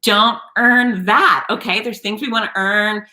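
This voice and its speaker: A woman hosting a live-streamed talk show, chatting with viewers in an animated, sarcastic way. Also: medium pitch, measured pace. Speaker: host.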